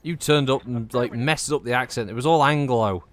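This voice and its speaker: A man's voice: mid-range voice, moderate pace, no room sound. A man from Northwest England with a Northwest English accent, giving rambling, sweary banter as he streams and commentates on a game. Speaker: gaming streamer. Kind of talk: casual gameplay commentary.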